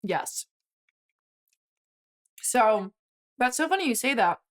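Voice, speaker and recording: A woman in her twenties, a former college swimmer appearing as a guest, tells a story in lively, casual conversation peppered with quick asides. Her voice is a little high.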